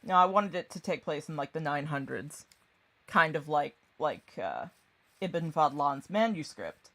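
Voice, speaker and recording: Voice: medium pitch, sing-song, measured pace, pushed and bright. A channel creator casually retelling a book and film in a loose, rambling way, full of fillers, swearing and laughter, and acting out the characters' lines along the way.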